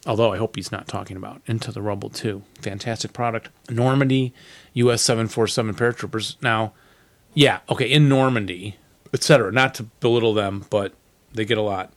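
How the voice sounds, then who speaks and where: A man's voice: lowish voice, fairly even intonation, a little fast. A man co-hosting a podcast, reading listener letters aloud in casual chat and laughing easily. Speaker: podcast co-host.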